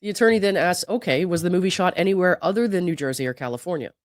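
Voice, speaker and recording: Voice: mid-range voice, racing, no echo. A host reading out a legal deposition, voice worn down by illness. Quotes both sides evenly, then cuts in with doubtful remarks. The sound is dry and close, with no room around it. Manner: reads quotes evenly, breaks in with skeptical asides and laughs. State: sick, voice not at its best. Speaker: legal commentary channel host. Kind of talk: reading a deposition transcript aloud with commentary.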